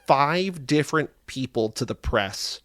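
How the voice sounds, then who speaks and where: A man co-hosts a podcast in a dry, close-sounding room. He talks casually and gets animated, acting out his own reactions as he goes. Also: mid-range voice, a little slow, no room sound. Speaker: podcast co-host. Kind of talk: casual chat.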